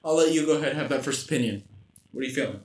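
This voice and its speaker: A man's voice: medium pitch, very fast, roomy sound, distant mic. A young man co-hosting a casual podcast from a garage, joking, crude and laughing often. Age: young adult. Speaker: podcast co-host.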